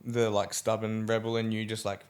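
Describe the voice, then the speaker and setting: A man with a lowish voice hosts a relaxed podcast interview. He asks casual follow-up questions and throws in the odd joke. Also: normal speed, smooth. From Australia. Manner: prompting, joking follow-up questions. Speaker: podcast host.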